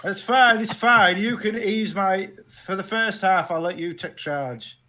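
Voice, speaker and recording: High-voiced animated man. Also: measured pace, a little hiss or hum. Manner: animated, playfully dramatic storytelling. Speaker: guest fantasy football creator. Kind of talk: casual watchalong chat.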